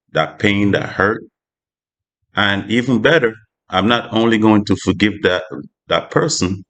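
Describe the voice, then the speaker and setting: A man's voice: low-pitched, fairly bright tone. A man giving a casual spiritual talk, loose and conversational with many "you know" asides. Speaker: spiritual vlogger.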